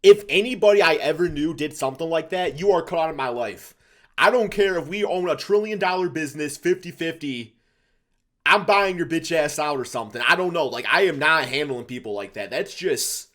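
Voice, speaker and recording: A man's voice: a little high, animated, normal speed, fairly bright tone. Young man casually reacting on camera. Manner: casual, blunt, slangy, thinks aloud. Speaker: reaction video host.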